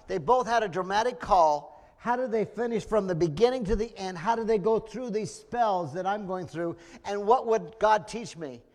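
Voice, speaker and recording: A middle-aged man preaching a sermon, earnest and emotional, often restarting his sentences. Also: high voice.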